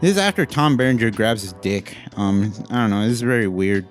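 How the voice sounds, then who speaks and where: A man giving a casual, rambling, profane movie review, getting animated as he rants. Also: lowish voice, fairly quick, faint music behind.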